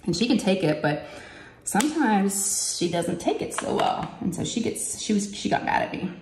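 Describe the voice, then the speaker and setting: A middle-aged woman, chatting casually to her viewers while she crafts, acting out what others said in a higher voice. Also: sing-song, normal speed. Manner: chatty storyteller who acts out quotes in a higher voice. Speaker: crafting vlogger. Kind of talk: casual chat while diamond painting. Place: home craft room. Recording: echoey room, faint noise.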